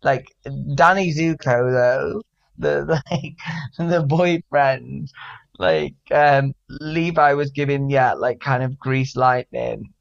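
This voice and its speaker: A man's voice: mid-range voice, slow, gravelly. A man co-hosts a chatty podcast in a camp, giggly way. He rambles through lots of filler words. The recording is dull and lo-fi. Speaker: podcast co-host. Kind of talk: casual chat.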